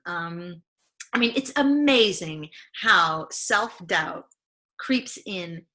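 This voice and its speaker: Woman, podcast guest, bright clear tone, earnest, reflective, acts out inner voices. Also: fairly low pitch, animated, drawn-out words. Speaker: podcast guest, lifestyle coach. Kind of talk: conversational interview.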